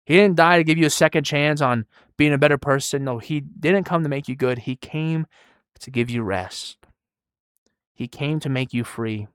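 Young male preacher, twenties, tired and soft-spoken, conversational, dry close sound. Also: fairly high pitch, moderate pace, clean tone, no echo. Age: 20s. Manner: soft-spoken, conversational, trailing quiet between emphatic rises. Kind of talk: sermon.

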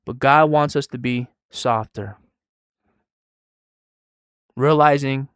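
Young male preacher, twenties, tired and soft-spoken, conversational, dry close sound. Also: mid-range voice, slow pace, long pauses, clean tone, dry recording. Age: 20s. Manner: soft-spoken, conversational, trailing quiet between emphatic rises. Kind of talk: sermon.

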